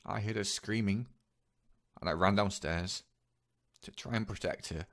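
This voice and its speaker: A man telling a personal story in a confessional vlog, speaking haltingly and earnestly with many repeats. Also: on the low side, vocal fry, a bit bright. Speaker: vlogger.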